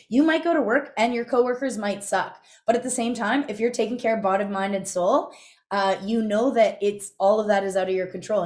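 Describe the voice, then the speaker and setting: A young adult woman teaching a live online class in a chatty, conversational way, often checking in with her listeners. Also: mid-range voice. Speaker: instructor. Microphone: video call.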